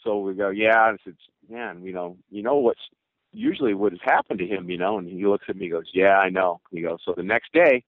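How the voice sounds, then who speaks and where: A man's voice: sits low, expressive, brisk, no room sound, phone-quality sound. An older man talks through a cell phone, and the line sounds thin and dry. He rambles through his stories, laughing and joking as he goes. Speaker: former pro baseball player as guest. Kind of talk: casual storytelling interview.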